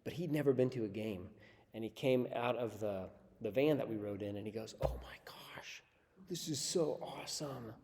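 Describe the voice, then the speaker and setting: Mellow-voiced man teaching Bible study. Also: mid-range voice. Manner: casual, checks in with listeners. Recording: long hall reverb.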